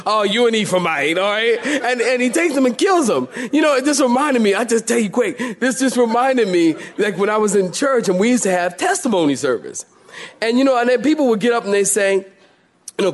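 Animated preaching man, fairly high voice. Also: fairly quick. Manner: animated, laughs while preaching, acts out quoted voices. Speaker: pastor. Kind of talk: sermon.

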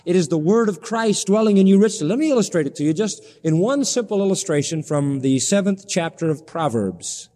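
A man preaching a sermon as pastor, pleading and impassioned, with his pitch climbing sharply at the high points. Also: animated, fairly quick, hardly any pauses, mellow, big-room sound.

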